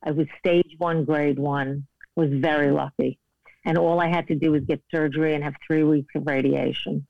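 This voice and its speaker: A woman's voice: deep voice, fairly even intonation, moderate pace, vocal fry, no room sound, narrow, tinny audio. A woman in her sixties, a guest speaking candidly in casual conversation over a video call. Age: 60s. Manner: candid, chatty, self-deprecating.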